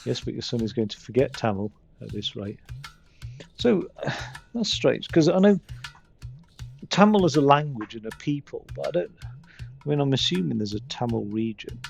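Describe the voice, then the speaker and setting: A man's voice: medium pitch, expressive, normal speed, creaky, pauses often, faint music behind. A man streaming a game live, reading the characters' lines aloud and commenting between them.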